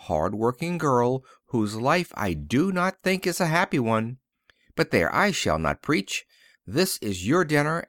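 A kindly, earnest mother from an old-fashioned storybook, as a male reader puts her on. She speaks gently and seriously, with a lively, moving pitch. The sound is dry and close. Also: no echo. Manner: gentle, earnest, mildly reproving.

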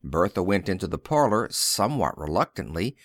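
A man's voice: sits low, sing-song, fairly quick, no echo, studio quality. A man narrating an old-fashioned story as an audiobook, reading expressively. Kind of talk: scripted narration.

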